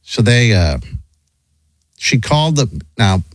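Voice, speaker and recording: A middle-aged man rambles through a story with many restarts, acting out the other people in it. His pitch swings up and down a lot. The sound is dry and close, with no room around him. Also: takes it slowly, dry recording. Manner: rambling, animated, lots of restarts and acted quotes. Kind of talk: casual storytelling chat.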